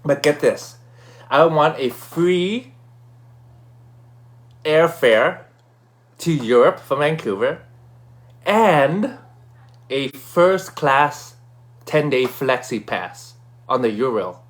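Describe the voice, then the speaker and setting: Animated man telling a personal story. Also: fairly high pitch, extremely slow, pauses often. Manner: animated, acts out his own excited shouts in quotes. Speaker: vlogger. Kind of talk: casual storytelling.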